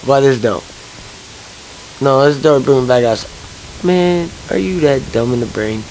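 A man's voice: medium pitch, a little slow, darkish tone, slight background noise, poor audio. A man commenting casually while playing a video game, frustrated and swearing a lot. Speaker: let's-play gamer.

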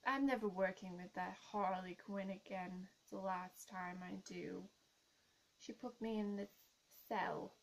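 Poison Ivy, a woman doing a slow seductive whisper. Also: mid-range voice, fairly bright tone, slight background noise, low-quality recording. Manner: teasing, flirty, blowing kisses, slow hypnotic coaxing. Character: seductive scheming female villain, plant-loving, imprisoned. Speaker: YouTube role-play creator. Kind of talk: whispered role-play.

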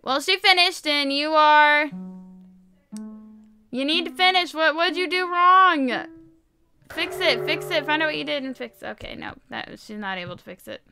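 A young woman hosting a game video, loudly and excitably talking to herself as she builds. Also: high-pitched, moderate pace, faint music behind. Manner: excitable, loud, talks to herself while building. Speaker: gaming video host. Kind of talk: casual game commentary.

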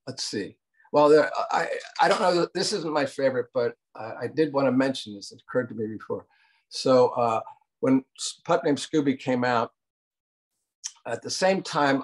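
A man's voice: mid-range voice, unhurried. Older man telling rambling anecdotes. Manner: rambling anecdotes with fillers and acted-out quotes. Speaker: interview guest, cartoon producer. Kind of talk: casual storytelling interview.

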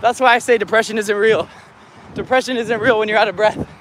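A man's voice: sits high, steady tone, a little fast, a bit bright, a little hiss or hum. A young man livestreaming himself running a marathon, out of breath, brash and joking, talking into a handheld phone outdoors. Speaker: vlogger livestreaming a run. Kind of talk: hyped livestream chatter. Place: outdoors on a city street in heat. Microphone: handheld phone camera.

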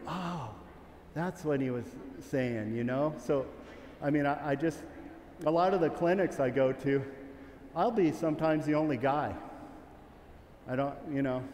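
A man's voice: medium pitch, darkish tone, echoey room, big-room sound, slight background noise. A man giving a sheepdog training clinic, talking candidly and in a rambling way, with many restarts, while calling commands to his dog. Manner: calls commands to a working dog. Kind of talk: clinic talk to an audience. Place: large event arena.

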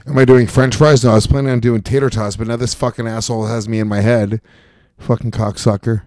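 A man's voice: mid-range voice, flat delivery, fast, darkish tone, no room sound. Foul-mouthed ranting male streamer. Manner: profane, ranting, self-mocking. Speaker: streamer and comedian. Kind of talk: casual gaming stream chat.

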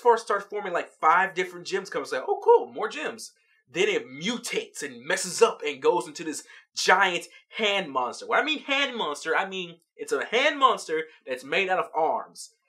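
Lively, bright-voiced episode recap. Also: mid-range voice. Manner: animated storytelling, laughs often. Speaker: vlog host.

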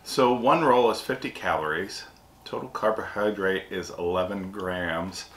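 A man's voice: low voice, unhurried, fairly bright tone. A man co-hosting a casual snack review, easygoing with dry remarks. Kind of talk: casual food review chat. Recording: echoey room with faint hiss.

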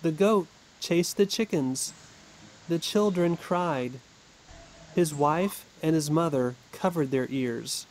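Slow, careful male storybook narrator. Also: on the high side, darkish tone, low-quality recording. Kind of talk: storybook reading for English learners.

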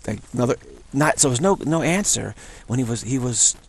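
A spiritual teacher with a medium-pitched, slightly rough voice talks briskly and with lively intonation in a casual monologue he tapes himself at home. He rambles, repeats himself, and chuckles along the way.

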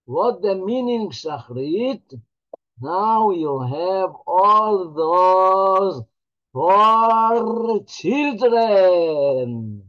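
Slow, halting rabbi teaching a class. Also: male voice, sits high, expressive, muffled recording. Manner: halting, repeats words, earnest and heartfelt. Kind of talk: holiday Torah class.

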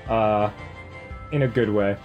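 A man's voice: fairly low pitch, fairly even intonation, takes it slowly, muffled recording. Guy in his 30s telling rambly restaurant stories over a game, lots of laughing and silly voices, faint music behind. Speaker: co-host. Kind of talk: casual storytelling while gaming.

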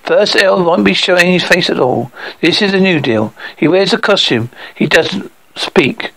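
A man voicing an excited, conspiratorial adult male friend in an audiobook reading, in a raised, eager tone. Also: sits high, measured pace, full character voice, poor audio.

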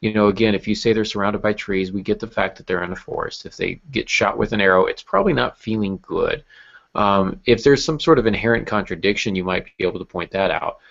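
A man's voice: fairly low pitch, a little fast, gravelly, a bit bright. A man hosting a casual podcast talk about writing craft, thoughtful, with many fillers and restarts. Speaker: podcast host. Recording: dull lo-fi podcast audio.

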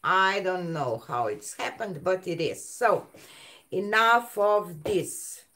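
A woman chats on her art live stream at a very unhurried pace. She greets viewers one by one and her speech is halting, full of ums and uhs. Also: on the low side, expressive, a bit bright. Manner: halting, many fillers, greets viewers by name. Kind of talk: casual live-stream chat.

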